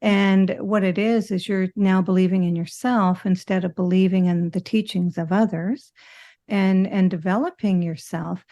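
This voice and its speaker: Woman host, slow and reflective, gravelly fry, dark mellow tone. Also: mid-range voice, steady tone, muffled recording. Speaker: podcast host. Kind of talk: conversational interview.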